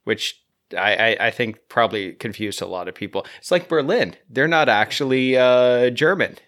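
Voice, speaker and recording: A man with a middle-pitched, plain voice, joking in casual podcast chat. He talks loosely, with frequent "uh" and "yeah". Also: animated, a bit bright. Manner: joking, quick with fillers. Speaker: podcast co-host.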